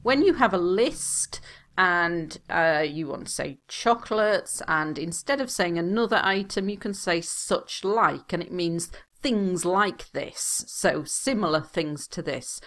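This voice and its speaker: Woman, low-pitched exam teacher, clear explanatory delivery with punchy emphasis. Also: a little slow, fairly bright tone. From United Kingdom. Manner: clear, explanatory, stresses key words. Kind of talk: recorded language lesson.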